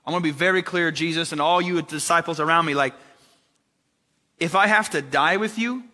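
A preacher acting out a vehement, loyal disciple. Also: male voice, a little high, expressive, brisk, bright, forceful tone, full character voice. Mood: insistent. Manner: emphatic, insistent. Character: vehement adult male disciple, fiercely loyal. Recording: long reverb of a large hall.

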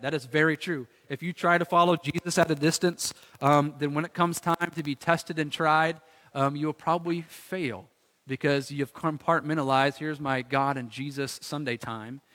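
Man preaching, high voice, bright tone, long hall echo, chatty with rhetorical questions. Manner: conversational, lots of "like" and rhetorical questions. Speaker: pastor. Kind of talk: sermon.

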